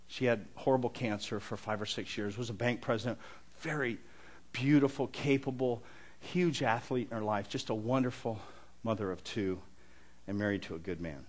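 A man's voice: on the low side, normal speed. A middle-aged man preaching a sermon in an earnest, conversational way with touches of humor. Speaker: pastor.

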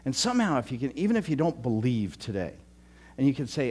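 A man's voice: mid-range voice, very animated, fairly quick, a little mellow, husky. An older male pastor preaching a conversational sermon with folksy asides and frequent restarts.

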